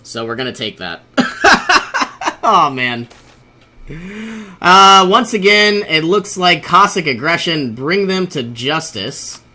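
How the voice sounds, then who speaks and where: A man's voice: a little high, expressive, measured pace, few pauses, bright, forceful tone. A young man giving casual commentary over his own strategy game, thinking aloud, often exasperated and laughing. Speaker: let's play host.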